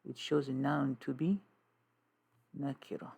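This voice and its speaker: A man teaching an Arabic grammar lesson, slow and repetitive, drilling terms with many "okay"s. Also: medium pitch, steady tone, vocal fry, a little mellow, slightly rough. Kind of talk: classroom lesson with writing.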